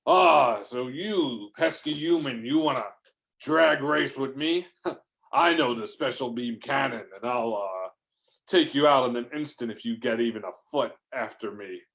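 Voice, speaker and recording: A boastful blob alien trucker, as a man puts him on, huffs out a breathy laugh and gloats over his rival. The voice sits a little higher than a plain speaking voice, with smug, taunting menace in a comic tall tale. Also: measured pace, fairly bright tone. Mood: gloating. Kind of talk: improvised comedic storytelling.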